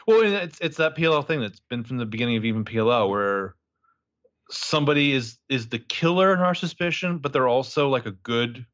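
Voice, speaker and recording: Man, mid-pitched voice, animated joking podcast chat, slightly muffled audio. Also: a little fast. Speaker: podcast co-host recapping a TV show. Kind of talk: casual chat.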